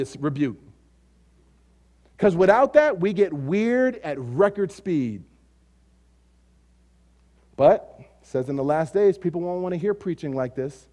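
A man preaching a sermon as pastor. He rises to loud, emphatic declarations, drops to quiet, low asides, and repeats phrases in rhythmic runs. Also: expressive, moderate pace.

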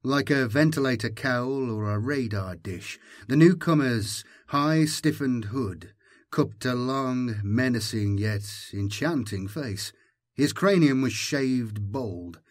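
A man narrating an audiobook in a measured, dramatic storytelling manner. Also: mid-range voice, lively intonation. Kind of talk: scripted narration.

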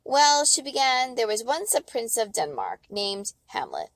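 A woman reading a children's novel aloud, giving the characters lively voices. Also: a little high, measured pace, vocal fry, no room sound. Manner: expressive, lively dialogue voices. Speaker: audiobook reader. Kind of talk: storybook read-aloud.

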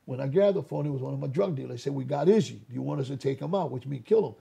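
An older man with a very raspy voice, giving an animated personal testimony as an interview guest, acting out dialogue and restarting his sentences often. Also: medium pitch, rapid-fire. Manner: re-enacts dialogue, repeats words and restarts often. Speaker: interview guest, former gang leader.

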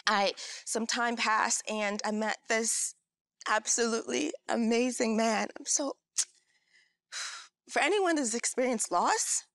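A woman's voice: fairly high pitch, slow pace, a bit bright, dry recording. A woman sharing an earnest personal testimony as a talk show guest, storytelling and acting out what people said. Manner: earnest, storytelling, acts out quoted voices.

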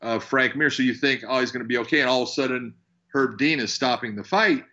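A man, a fight referee and podcast guest, telling stories in a lively way and acting out what people said. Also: mid-range voice, fast talker. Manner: animated storyteller acting out quotes. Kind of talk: casual podcast chat. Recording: dull lo-fi audio.

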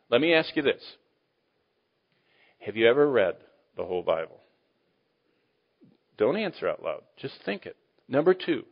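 A man teaching the Bible to a live audience in sermon style, animated, asking the room questions and swinging between loud emphasis and quiet asides. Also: medium pitch. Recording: dull lo-fi recording.

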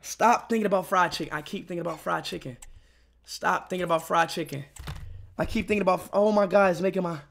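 A young man livestreaming in casual chatter, repeating himself to chat, swinging between tired mumbling and loud shouts, hungry and drained. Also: high-pitched, fast talker, creaky. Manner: repeats phrases over and over, talks to chat.

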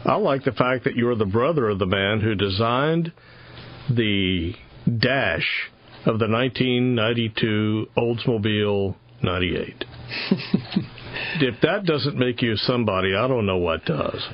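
A man hosting a radio show, asking his guest questions in a relaxed, conversational way. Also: on the low side, unhurried, lo-fi sound.

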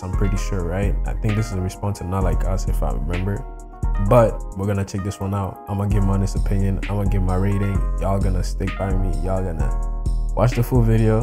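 A man hosting a music reaction video in casual, slangy talk, full of fillers. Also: on the low side. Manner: loose slangy talk, constant "you know what I'm saying" fillers. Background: hip hop music.

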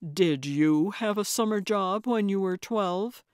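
A woman's voice: slow, no echo, lightly acted. A woman doing a grumbling, skeptical man. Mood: dry. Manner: dry, grumbling, lower and flatter.

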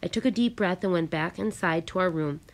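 A woman reads a chapter of a story aloud in a measured, careful way. Her voice sits on the low side, and she narrates steadily from line to line. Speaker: audiobook narrator. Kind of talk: storybook reading.

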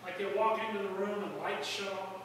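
A male pastor preaches in a folksy, storytelling way, his high voice bright and ringing. He breaks into sudden loud outbursts. The sound carries a long hall echo and comes from well away from the mic. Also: fairly even intonation, a little fast, slight background noise. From United States. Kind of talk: sermon. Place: church sanctuary. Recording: echoey hall from far off.

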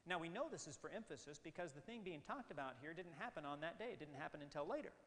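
A man's voice: on the high side, expressive, fast, a bit bright. A man preaching an emphatic seminar sermon, often putting questions to his audience. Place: hall with audience. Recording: long hall reverb.

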